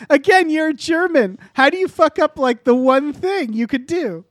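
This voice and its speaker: High-voiced man ranting about a movie. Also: moderate pace, dry recording, clean studio sound. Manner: profane, exasperated, rambling. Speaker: podcast co-host. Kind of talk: casual movie review chat.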